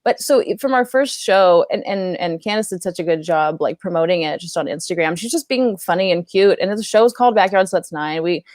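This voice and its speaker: Young woman comic telling stories, bounces into squeaky put-on voices, laughs a lot, dry close sound. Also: brisk, hardly any pauses, no echo. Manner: animated, acts out quoted voices in a high chirpy tone, laughs often. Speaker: comedian guest. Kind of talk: casual podcast chat with storytelling.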